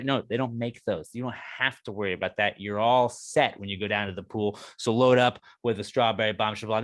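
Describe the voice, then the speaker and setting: A man's voice: fairly low pitch, fairly even intonation, fairly quick, few pauses, no room sound. A man co-hosting a podcast, joking and rambling in crude banter and reading a sponsor spot. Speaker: podcast co-host. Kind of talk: casual chat and read ad.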